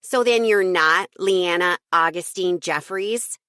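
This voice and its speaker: A woman's voice: lowish voice, slow pace, bright, forceful tone, clean tone, dry recording, clean studio sound. A woman doing a teen girl faking a polite caterer. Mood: faux-polite. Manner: put-on accent, fake sweetness.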